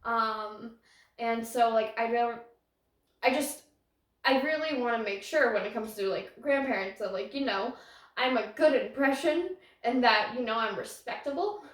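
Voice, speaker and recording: High-voiced woman, roomy and off-mic. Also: moderate pace, distant mic. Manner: rambling, self-conscious, laughs often. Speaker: podcast host. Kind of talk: casual storytelling.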